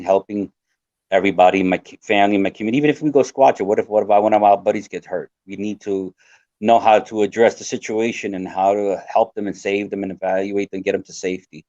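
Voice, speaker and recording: In a dry, dull lo-fi recording, an older man with a lowish, darkish-toned voice appears as a survival expert on a casual podcast. His talk is earnest and rambling, and he tends to repeat himself.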